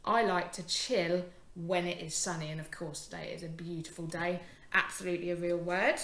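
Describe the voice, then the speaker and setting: Young woman teacher doing phonics, low-ish voice, sounds out words slow, echoey room. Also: little pitch movement. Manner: encouraging, sounding out words slowly. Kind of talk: phonics lesson for young children.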